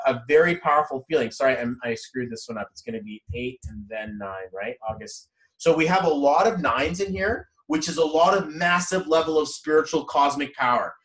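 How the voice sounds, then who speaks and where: A man leading a men's numerology group, talking in a rambling, energetic, preachy motivational way. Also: fairly high pitch. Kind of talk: motivational group coaching talk. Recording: echoey room.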